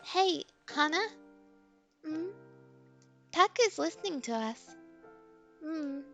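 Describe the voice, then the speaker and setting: A breathy, very high teenage girl from a visual novel teases in a slow, hushed whispered role-play, as a woman puts her on. She sounds bright and coaxing, and quiet music plays beneath her. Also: lively intonation, lo-fi sound, full character voice.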